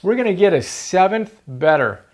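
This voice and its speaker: A man's voice: high-pitched, sing-song, normal speed. A man hosting a motivational book-summary video, earnest and emphatic, repeating key phrases for stress.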